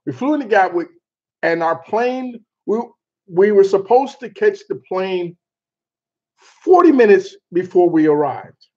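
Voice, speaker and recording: High-voiced man telling a lively story. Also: slow pace. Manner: animated, laughing, mild cursing. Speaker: show host. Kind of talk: casual storytelling chat. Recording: dull lo-fi sound.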